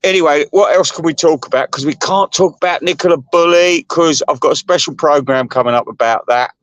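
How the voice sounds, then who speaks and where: A man rambles through a gossipy, foul-mouthed rant as host of his own channel, always drifting off on tangents. His voice sits on the higher side for a man. The sound is close and dry, with no room around it. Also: a little fast, no room sound. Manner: gossipy, profane and digressive.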